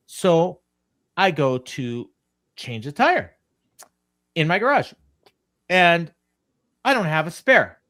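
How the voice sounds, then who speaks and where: A man's voice: a little high, expressive, slow, long pauses, a bit bright, no echo, studio quality. Rambling man telling stories. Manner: rambling storyteller, many ums and restarts. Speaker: co-host. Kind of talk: casual podcast chat.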